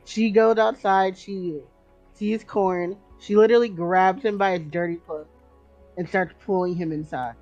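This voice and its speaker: A woman's voice: medium pitch, steady tone, unhurried, darkish tone, faint music behind. Rambling woman player, lo-fi mic. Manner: casual, rambling, swears freely. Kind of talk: casual tabletop play. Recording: dull lo-fi mic.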